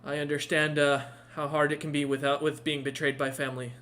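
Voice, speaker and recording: A man's voice: a little high, little pitch movement, brisk, a bit bright, slight background noise, natural voice. A man voicing a courteous traveling news reporter who hesitates with many fillers in a tabletop game.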